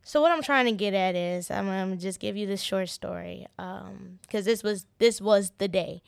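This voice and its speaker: Halting young woman with a gravelly voice. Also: mid-range voice, no room sound, clean studio sound. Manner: halting, repeats words, earnest. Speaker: interview guest, business owner. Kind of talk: personal story in an interview.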